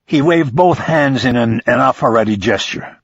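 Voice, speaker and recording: A man reading a crime novel aloud in scripted audiobook narration, steady and measured. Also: medium pitch, slightly rough, no echo, highs cut off.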